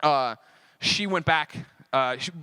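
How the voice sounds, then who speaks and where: A man in his thirties telling a personal story on a convention stage, emotional and swearing, swinging from quiet lows to loud outbursts. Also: takes it slowly, smooth. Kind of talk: personal storytelling to a live audience.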